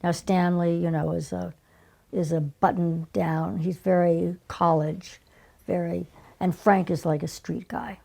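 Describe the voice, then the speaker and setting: Gravelly older woman, husky storyteller. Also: fairly low pitch, measured pace. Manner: animated, conversational, acts out remembered exchanges. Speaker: guest, former casting director. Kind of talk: storytelling in conversation.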